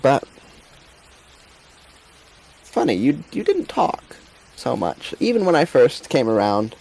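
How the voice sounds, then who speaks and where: Man plays a proud, motherly mentor woman with a gentle, reflective, lively voice. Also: mid-range voice, slow, vocal fry, pitched above the performer's own voice, exaggerated voice, low-quality recording. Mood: fond.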